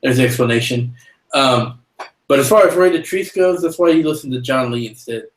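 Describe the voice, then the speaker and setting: Joking co-host in a roomy space. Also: male voice, mid-range voice, brisk. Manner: joking, steers the talk onward. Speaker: podcast co-host. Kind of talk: casual book discussion. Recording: roomy echo.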